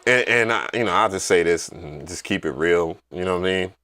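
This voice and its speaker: A man hosting a casual livestream, telling stories in an animated, profane way with loud excited outbursts. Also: low voice, a little fast. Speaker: livestream host.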